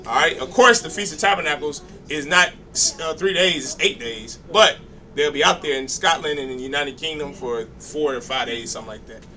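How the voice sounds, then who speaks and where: A man's voice: a little high, a little fast, bright, forceful tone. A man leading a religious class, preaching and making announcements with loose, joking asides and call-and-response. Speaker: class leader. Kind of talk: sermon-style class address. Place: congregation hall.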